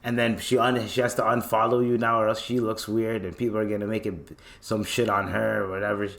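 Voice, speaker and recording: A young Canadian podcaster speaks briskly in a lowish voice on his solo, informal show. Loose with his slang and full of animation, he acts out little scenes and imitates voices along the way.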